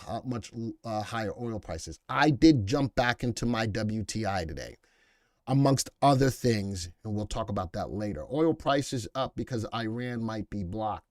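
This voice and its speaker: A man's voice: medium pitch, a little slow, darkish tone. A middle-aged man hosts a live market stream, reading headlines and talking back to his chat in an off-the-cuff, emphatic way. His voice jumps up when he drives a point home, then settles back down. The sound is close and dry, with no room echo. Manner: reads headlines aloud, then talks back to viewers in chat. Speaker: live stock market show host.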